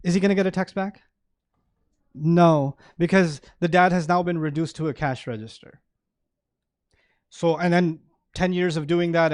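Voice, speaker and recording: A male preacher giving a sermon to an audience, animated, acting out everyday examples and laughing often. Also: on the high side, no room sound, clean studio sound.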